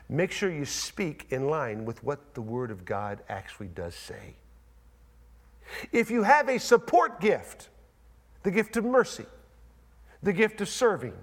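High, animated male preacher. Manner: emphatic preaching with repetition and rising, falling pitch. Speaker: pastor. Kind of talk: sermon. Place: church sanctuary.

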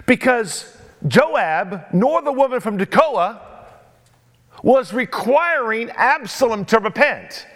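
A man's voice: very high voice, fairly bright tone. A man preaching a sermon, emphatic, full of rhetorical questions and repetition.

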